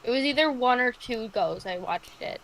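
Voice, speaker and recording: A woman's voice: fairly high pitch, lively intonation, moderate pace, a bit bright, poor audio. A woman co-hosting a casual live stream chat, ranting emphatically about a show. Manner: emphatic, exasperated rants. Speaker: podcast co-host.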